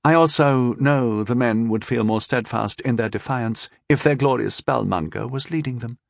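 A man's voice: mid-range voice, moderate pace, creaky, dry recording, clean studio sound, natural voice. A man voicing a cold, scheming teenage princess in an audiobook, speaking in a sly, condescending drawl. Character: scheming sixteen-year-old princess, cold and tipsy. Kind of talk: audiobook character voice.

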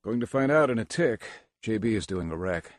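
A man's voice: on the low side, lively intonation, a little fast, no room sound, studio quality, close to an everyday voice. A man voicing a hard, terse one-eyed convoy guard in an audiobook, with clipped, curt lines. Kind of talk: audiobook character voice.

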